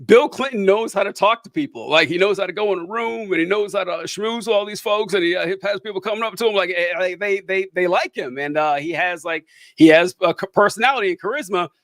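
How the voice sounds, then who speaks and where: Man, high voice, dry close sound, rambling casual political talk, sarcastic. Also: quick pace, a bit bright, no echo. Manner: rambling, sarcastic, frequent fillers and laughs. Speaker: podcast co-host.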